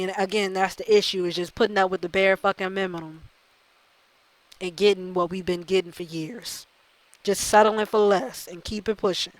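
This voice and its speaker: A woman rants into a close mic about a video game, exasperated and swearing freely. She circles back and hammers the same points again and again. Her voice sits at a middling pitch, and the recording is dry, with no room sound. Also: a bit bright, no room sound, rough recording. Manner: exasperated, profane, repeats herself. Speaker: gaming channel host. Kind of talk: ranting video commentary.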